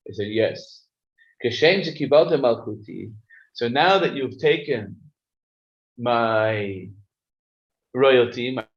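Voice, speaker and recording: A man's voice: a little high, a bit bright, lo-fi sound. Man teaching a casual text class. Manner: explains conversationally, reading and translating Hebrew passages. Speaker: Torah teacher.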